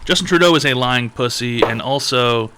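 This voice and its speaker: A man's voice: medium pitch, normal speed, background noise. A young man hosting a live-stream advice show, reading out donations and ranting with lots of profanity.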